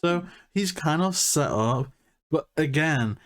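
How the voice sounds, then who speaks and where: A man's voice: a little high, animated, slow pace, fairly bright tone. A man co-hosting a podcast, chatting casually and joking about his family while reviewing a cartoon episode. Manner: chatty, self-deprecating humour. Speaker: podcast co-host.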